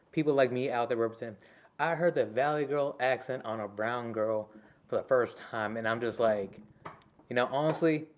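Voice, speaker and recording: Southern man, light twang, easygoing co-host, trailing delivery, mid-pitched, slightly muffled. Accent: light Southern American twang. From American South. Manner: easygoing, drawn-out, trailing off softly. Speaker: podcast co-host. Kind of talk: casual chat.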